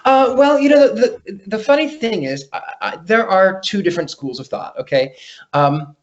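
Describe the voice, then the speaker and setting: An animated man tells stories with a fairly high voice, stumbling and repeating himself as he gets going. He is a guest on a podcast. The audio is dull and lo-fi. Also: normal speed. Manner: animated, repeats words when starting sentences. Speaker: psychic guest. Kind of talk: casual storytelling interview.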